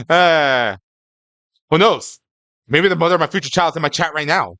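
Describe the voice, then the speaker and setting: A young man chats with his live-stream viewers in a loose, rambling way, stumbling over his words and checking in with "okay?". His voice sits a bit high and has a bright, forceful edge. The sound is close and dry. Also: no room sound. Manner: rambling and stammering, tags lines with "okay?".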